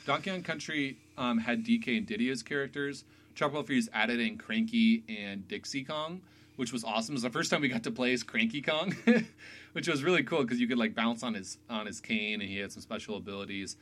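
A man hosting a casual podcast chat about video games, excitable and full of fillers. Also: medium pitch, a little fast. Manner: chatty, excitable, many fillers. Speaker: podcast host.

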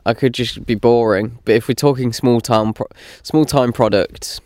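A man's voice: mid-range voice, steady tone, moderate pace, a little mellow, no echo, clean studio sound. A young man in casual, chatty conversation, laughing often as he talks. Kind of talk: casual chat.

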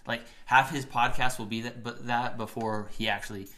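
A man's voice: quick pace, few pauses, sharp tone. Guy rambling on a lo-fi phone-mic podcast, tons of likes and tangents. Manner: rambling, loose, many "like" fillers. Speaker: podcast co-host. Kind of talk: casual chat. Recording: iPhone mic, low production.

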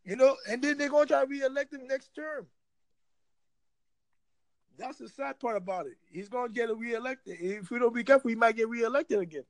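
Man with a very high, gravelly voice giving a heated, profane rant in a dry, close sound. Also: moderate pace, no room sound, rough recording. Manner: heated, profane, emphatic ranting. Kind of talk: casual opinionated chat.

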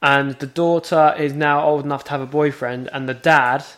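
A man's voice: fairly high pitch, steady tone, normal speed, fairly bright tone. A man co-hosting a podcast, teasing his friends and asking questions in casual chat. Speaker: podcast co-host. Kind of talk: casual banter.

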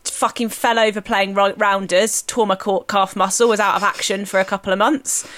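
A woman's voice: medium pitch, little pitch movement, moderate pace, a bit bright. A woman in her thirties, co-hosting a podcast in a rambling, chatty way with many fillers. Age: 30s. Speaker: podcast co-host. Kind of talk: casual chat.

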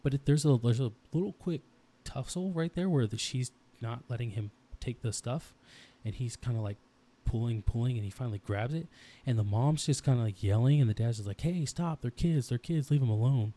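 A mellow, mid-range male voice comes through at a brisk pace. The speaker, a podcast co-host in his thirties, rambles intensely about his daughters on a casual podcast, restarting often.

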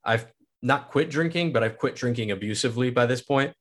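A man's voice: mid-range voice, brisk, fairly bright tone. A young man from Kansas, a podcast guest, telling a personal story in a casual, rambling way, full of filler words and swearing.

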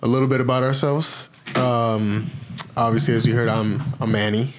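A man's voice: mid-range voice, fairly even intonation, moderate pace, noisy background. A young man co-hosting a casual podcast, talking in a rambling, hesitant way with lots of fillers. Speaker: podcast co-host. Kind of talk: casual chat.

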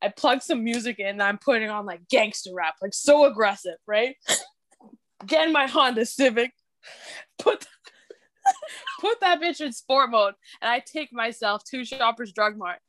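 A young woman from Canada in casual podcast chat, telling an animated story, cursing freely and laughing as she goes. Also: on the high side, unhurried, dry recording.

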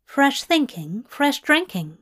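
A woman voicing Aziraphale, a nervous, eager young man who speaks softly and hopefully, in a fanfic reading. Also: high voice, sing-song, takes it slowly, voice pushed up, full character voice. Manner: soft-spoken, hopeful.

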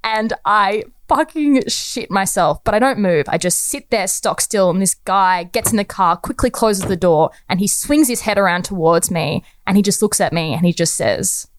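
Young woman, personal anecdote, chatty, laughing, mid pitch. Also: moderate pace, hardly any pauses, dry recording. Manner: conversational, chatty, laughs often, many fillers. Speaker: storyteller.

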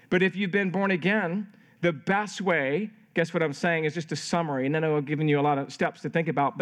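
A middle-aged male pastor preaching a sermon in an earnest way, often repeating and restarting his phrases. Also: high-pitched.

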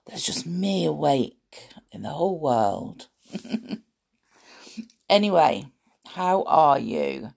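A woman hosting a storytelling show, croaky from a sore throat, chatting playfully to young listeners. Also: low voice, slow, long pauses. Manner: playful, animated, with gasps and little laughs.

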